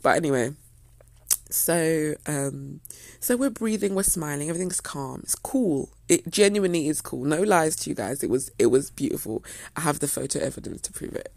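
Young woman, low gravelly voice, dry close sound, chatty storytelling. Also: lively intonation, normal speed, darkish tone, dry recording. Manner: chatty, acts out quoted dialogue. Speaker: vlogger. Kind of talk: casual storytelling to viewers.

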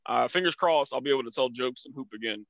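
Male comic, 30s, bright tone, dry mic, lively anecdote teller. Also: quick pace, no echo, lo-fi sound. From Philadelphia. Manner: animated storyteller, high put-on voices in anecdotes. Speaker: guest comedian. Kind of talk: casual podcast chat.

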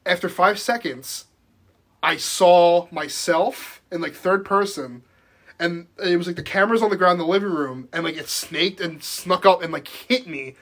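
A man's voice: high voice, normal speed, a bit bright. A young man telling a rambling story in casual podcast chat, full of likes and restarts and laughing as he goes. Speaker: podcast guest.

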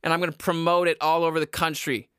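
A man rants to his podcast listeners from a basement at home, swearing freely and laughing at himself between complaints. His voice sits a little high for a man and comes across bright and forceful. The sound is close and dry, with no room echo. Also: flat delivery, fast, smooth. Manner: profane, exasperated ranting with self-mocking laughs. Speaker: podcast host. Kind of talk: casual ranting monologue.

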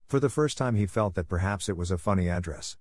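A man narrating a classic children's story in a measured, even reading. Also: low-pitched, dry recording, studio quality.

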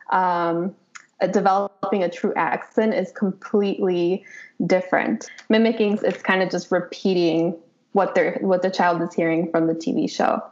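A woman speech-language pathologist explaining accent development in a measured, explanatory way with frequent ums. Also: mid-range voice, darkish tone. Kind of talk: explanatory interview clip. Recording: dull lo-fi interview audio.

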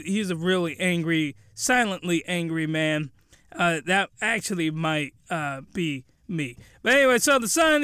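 A young man hosting a comedic review, rambling and excitable, with loud bursts of ranting. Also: fairly high pitch, smooth, no echo, studio quality. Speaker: host.

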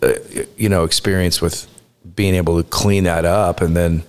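A man speaking as a guest, reflective and halting, with quick bursts between restarts. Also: low-pitched, level tone, clean tone. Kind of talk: casual conversation.

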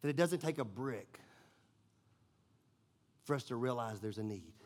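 A man from Tennessee with a Southern accent, a pastor telling a sermon story, swinging between loud bursts and hushed moments. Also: mid-range voice, expressive, unhurried. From Nashville, Tennessee, US. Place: church.

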